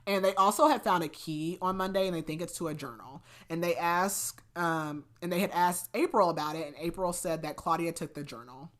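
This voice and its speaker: Female podcast host, lower voice, casual rambling book recap. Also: fairly quick, few pauses, a bit bright. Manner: chatty, many fillers and restarts.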